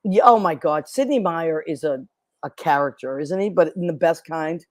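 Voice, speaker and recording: A woman's voice: sits low, moderate pace, no echo, clean studio sound. A woman hosting a talk show, chatting in an effusive, rambling way. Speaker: show host. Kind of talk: casual chat.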